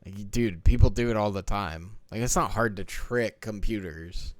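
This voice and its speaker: A man's voice: on the low side, moderate pace, no room sound. A young man co-hosting a casual podcast, arguing his point and saying "dude" and "like" constantly. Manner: argumentative, peppers speech with "dude" and "like". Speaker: podcast co-host. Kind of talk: casual chat.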